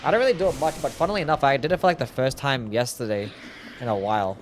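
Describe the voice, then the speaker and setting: A man's voice: mid-range voice, fast, slight background noise. Rambling man streaming a game. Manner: rambling, many "like" fillers, reading and answering chat. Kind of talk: casual live-stream chat while gaming. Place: home desk.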